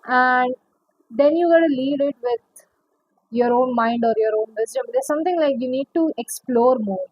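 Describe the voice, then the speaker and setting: A woman's voice: high voice, moderate pace, no echo, highs cut off. A woman giving a pick-a-card tarot reading, chatty and rambling, calling the viewer honey. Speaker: tarot reader.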